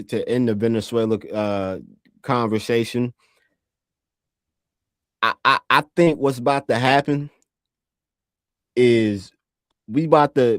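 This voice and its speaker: A man's voice: mid-range voice, no room sound, studio quality. A man from the United States in casual podcast chat, talking emphatically with lots of swearing and stumbling over repeated words. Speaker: podcast co-host.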